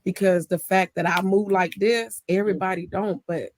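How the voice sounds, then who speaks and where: A young woman comedian with a Southern US accent, talking loud, fast and full of energy from home in a casual interview. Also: medium pitch, steady tone, a little hiss or hum. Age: young adult. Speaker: comedian guest.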